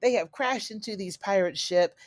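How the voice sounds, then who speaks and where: A woman's voice: mid-range voice, normal speed, dry recording. A woman giving a chatty, casual recap of a TV episode, calling her viewers y'all and honey. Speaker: TV recap reviewer.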